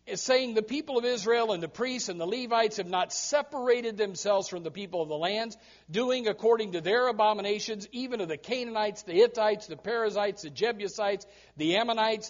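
High-voiced fiery preacher man, lo-fi recording. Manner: swings from low asides to loud preaching; repeats words in quick restarts. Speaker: pastor. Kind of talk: fiery sermon. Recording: dull lo-fi recording.

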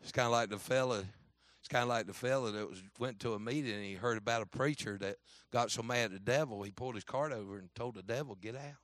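A man's voice: medium pitch, quick pace, a bit bright, dry recording. A man pastor preaching a sermon, telling a story and acting out the voices, with frequent "amen?" asks to the congregation. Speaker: Baptist pastor.

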